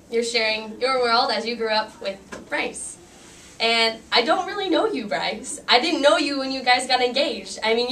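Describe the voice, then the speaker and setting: A woman's voice: on the high side, a bit bright. A young woman giving a wedding toast, telling stories in a chatty, giggly way full of likes and restarts. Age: young adult. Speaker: maid of honor giving a wedding speech. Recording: distant mic with faint room noise.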